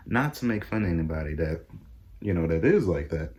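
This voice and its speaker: A young man tells a casual vlog story and acts out his own reactions, jumping into high-pitched exclamations. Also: very animated, fairly quick, a little mellow. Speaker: vlogger.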